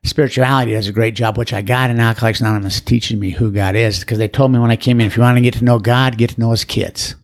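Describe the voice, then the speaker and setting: This older man's recovery story comes out fast with few pauses, in a steady, medium-pitched voice. He's folksy, rambling and plain-spoken, and he performs others' voices whenever he quotes them.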